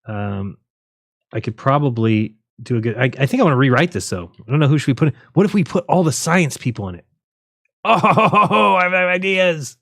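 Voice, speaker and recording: A man's voice: medium pitch, lively intonation, fast, no echo, clean studio sound. A man hosting a casual livestream, rambling and joking, often laughing at his own jokes. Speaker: livestream host.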